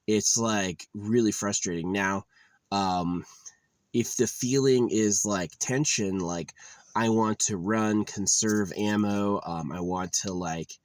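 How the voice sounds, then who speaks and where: A young man with a low, deep voice vents in a tired, rambling rant, full of fillers and swearing. The sound is dry and close, with no room echo. He keeps circling back to his frustration. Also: slow pace. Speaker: gamer venting about a game. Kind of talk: casual rant to camera.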